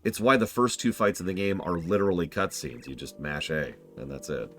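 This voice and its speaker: A man's voice: low-pitched, brisk, over loud music. A man streaming a game review, talking casually and opinionated while he plays. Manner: chatty, opinionated, lively. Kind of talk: casual live-stream commentary.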